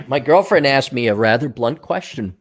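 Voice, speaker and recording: A man's voice: medium pitch, expressive, normal speed. A man co-hosting a podcast in blunt, profane casual chat. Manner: blunt, profane, mocking impressions. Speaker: podcast co-host.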